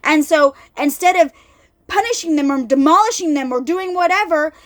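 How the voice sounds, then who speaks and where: A woman talking casually about the Bible to her viewers, animated and chatty, often repeating herself and calling the audience y'all. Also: sits high, normal speed. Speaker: faith vlogger. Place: lives in an RV.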